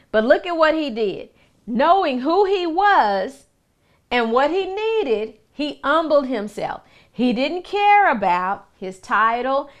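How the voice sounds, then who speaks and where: A woman minister with a high, light voice teaches scripture in a conversational way. She is middle-aged and keeps putting questions to her listeners. She often stops and restarts her sentences as she explains. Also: a bit bright.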